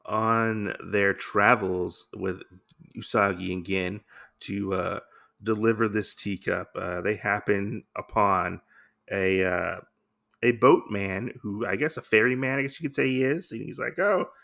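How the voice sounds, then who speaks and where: A man casually recapping a comic story for his podcast. His voice is gravelly and bright, with a bit of fry. He rambles along loosely, with plenty of filler. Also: fairly low pitch, steady tone, measured pace. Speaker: podcast host.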